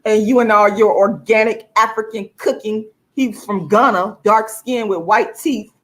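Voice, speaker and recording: A woman vlogger in a casual to-camera monologue, talking emphatically with plenty of swearing and her pitch jumping high for emphasis. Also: steady tone, measured pace, a bit bright. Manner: emphatic and profane, with laughs between points.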